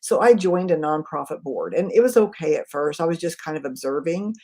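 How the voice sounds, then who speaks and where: Fast-talking woman giving a webinar. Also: deep voice, big pitch swings, warm tone. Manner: quick, conversational, self-aware. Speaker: communication trainer. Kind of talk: live webinar talk answering chat questions.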